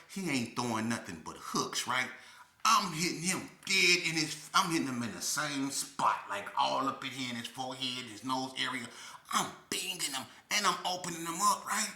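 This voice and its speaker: An older man spins a street story in a lively, casual way, tossing in "right?" as he goes. His voice is very bright and edgy, and a roomy echo surrounds it. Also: medium pitch. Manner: animated, keeps asking "right?".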